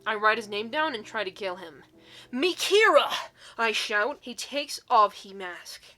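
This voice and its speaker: A woman's voice: medium pitch, expressive, normal speed, sharp tone, soft background music. A young woman reading silly fan fiction aloud in a mock-dramatic way, often breaking into giggles.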